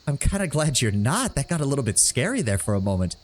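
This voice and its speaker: A man's voice: mid-range voice, big pitch swings, fast talker. A man reading aloud as a cheerful young elf woman with a teasing way of bantering.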